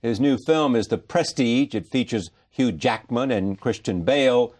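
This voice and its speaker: A man's voice: medium pitch, lively intonation, moderate pace, a little mellow. A male talk show host interviewing a guest, teasing him in a playful way.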